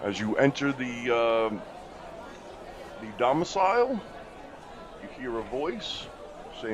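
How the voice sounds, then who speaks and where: Male dungeon master, slow, lively pitch, halting narration. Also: crowd noise, background noise. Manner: unhurried, halting with fillers. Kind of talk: narrating a tabletop game.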